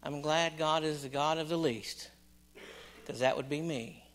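A man's voice: fairly high pitch, measured pace. Emphatic middle-aged male preacher. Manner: emphatic, repeats phrases, swings between loud and hushed. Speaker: pastor. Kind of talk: sermon.

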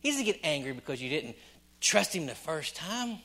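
A man's voice: fairly high pitch, very animated, moderate pace. Emphatic middle-aged male preacher. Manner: emphatic, repeats phrases, swings between loud and hushed. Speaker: pastor. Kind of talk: sermon.

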